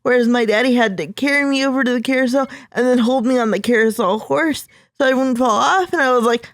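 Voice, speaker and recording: A woman's voice: a little high, fast, hardly any pauses, no room sound. A young woman, a podcast guest, telling a personal story with earnest emotion. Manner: earnest, emotional, acts out her younger self.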